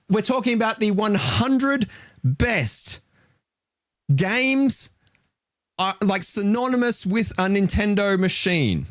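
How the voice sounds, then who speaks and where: Here a man with a high voice, recorded dry at studio quality, reacts live to a list of ranked games. He's a retro gaming streamer who can't believe what he's seeing, cursing and ranting with animated exasperation.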